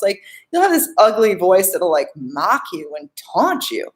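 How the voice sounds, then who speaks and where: A woman's voice: medium pitch, big pitch swings, moderate pace. A young adult woman, a life coach, chatting casually on a live stream as she answers viewer questions.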